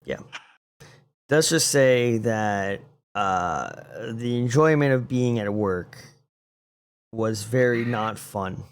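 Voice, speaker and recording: A man's voice: on the low side, animated, slow, clean tone. A young man co-hosting a podcast, talking bluntly in casual chat and swearing a lot. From Arizona. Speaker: podcast co-host.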